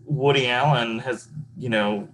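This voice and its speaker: A man's voice: medium pitch, steady tone, measured pace, crowd noise, low-quality recording. A man co-hosting a podcast in casual chat, with a wry, teasing way of talking. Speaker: podcast co-host.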